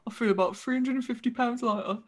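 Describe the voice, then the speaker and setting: Woman playing a big, weepy, soft-hearted ogre. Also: fairly high pitch, fast, voice pushed up, lightly acted. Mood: mournful. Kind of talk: tabletop role-play voicing.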